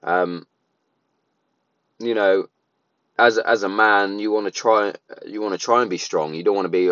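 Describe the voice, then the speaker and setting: Rambling dad, dull dry sound. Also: male voice, on the low side, expressive, normal speed, a bit bright, dry recording. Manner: rambling, many restarts and fillers. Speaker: parent sharing opinions. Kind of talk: casual monologue.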